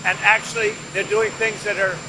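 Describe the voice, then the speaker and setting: A man's voice: high voice, little pitch movement, normal speed, background noise. A man speaking emphatically in press remarks, repeating his points. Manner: repetitive, emphatic.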